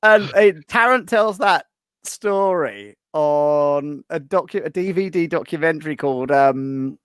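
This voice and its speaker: A man's voice: on the high side, unhurried, clear, resonant tone, no room sound. Guy telling an old tv anecdote on a podcast, stop-start, lots of "I, I", very dry sound. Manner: lively storyteller with frequent restarts. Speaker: podcast guest, author. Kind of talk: casual chat, anecdote telling.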